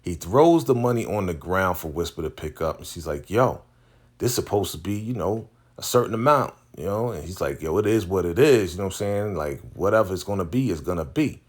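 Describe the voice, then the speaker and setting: A man casually recapping a TV episode, retelling scenes and acting out the characters' dialogue in slang-heavy speech. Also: sits low. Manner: animated, acts out dialogue in quick character voices. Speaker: TV recap vlogger.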